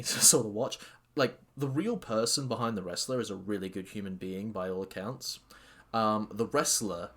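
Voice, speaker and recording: Excitable man reviewing wrestling. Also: mid-range voice. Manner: excitable, hesitant with many ums and restarts. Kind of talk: casual solo review.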